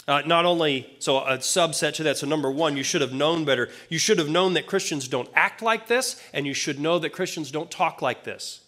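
A man with a somewhat high voice preaching a sermon. He talks to his listeners in a plain-spoken, conversational way and drops casual asides as he explains the scripture. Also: moderate pace, few pauses, bright, forceful tone. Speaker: pastor.

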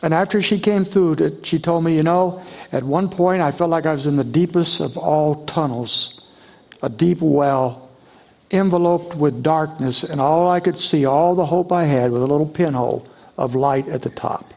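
Male preacher, slightly high pitch, expressive sermon delivery that voices scripture with feeling. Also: moderate pace. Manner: expressive preaching, voicing the psalmist's pleas in a rising voice. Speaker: pastor.

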